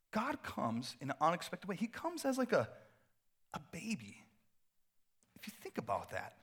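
A middle-aged pastor preaching a sermon in a loose, conversational way, full of fillers and asides. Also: male voice, a little high, a bit bright.

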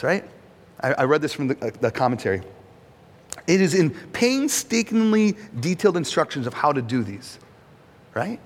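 A male pastor preaching in a relaxed, conversational way, turning to the audience with questions. His voice sits a little high. It carries a long reverb from a large hall. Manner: conversational, asks the audience questions, acts out quotes. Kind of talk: sermon.

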